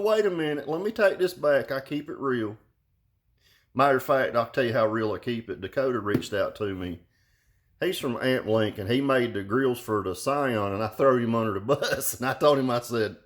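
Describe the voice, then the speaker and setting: A man's voice: mid-range voice, normal speed. An older man, ranting into a phone held at arm's length in a profane, mocking vlog, laughing and cussing often. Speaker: car audio vlogger.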